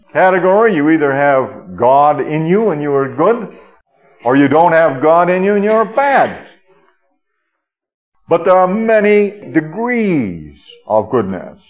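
A man's voice: on the high side, dull audio. A man preaching a sermon, teaching earnestly with frequent hesitations and fillers.

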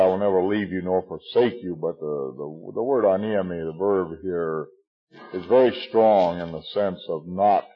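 Husky low-voiced man in his sixties. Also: muffled recording. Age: 60s. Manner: halting, many fillers, chuckles at his own jokes. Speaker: Bible teacher. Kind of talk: relaxed Bible study talk.

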